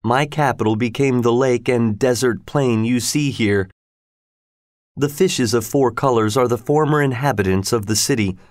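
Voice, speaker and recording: A man's voice: mid-range voice, normal speed, darkish tone, no echo, clean studio sound. Man reading a storybook aloud.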